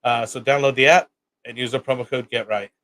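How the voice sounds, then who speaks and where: A man's voice: mid-range voice, fairly even intonation, fairly quick, fairly bright tone. A man co-hosting a live fantasy football stream, casually reading a sponsor promo with many fillers and restarts. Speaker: co-host.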